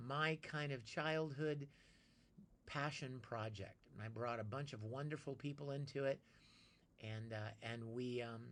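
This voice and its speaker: Reading chat on a laid-back stream, this man answers viewers by name and plugs his own projects in a friendly, talkative way. His mid-range voice is bright and forceful.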